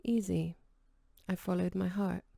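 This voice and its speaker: A gentle, quietly insistent man speaks low and mellow, with a gravelly edge to the voice, as a woman narrator reads him. The recording is close and dry, with no room sound. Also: steady tone, unhurried, no echo, full character voice.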